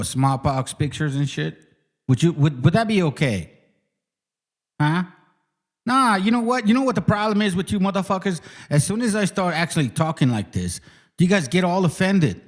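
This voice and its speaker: A man hosting his channel, ranting through biblical commentary with heavy swearing and repeated challenges to viewers. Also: fairly high pitch. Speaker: channel host. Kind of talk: profane biblical commentary rant.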